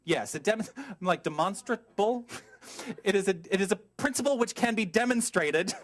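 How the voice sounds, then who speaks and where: A middle-aged male minister preaches an emphatic, animated sermon, questioning the congregation and wandering off on tangents. His voice sits high, and he keeps a moderate pace.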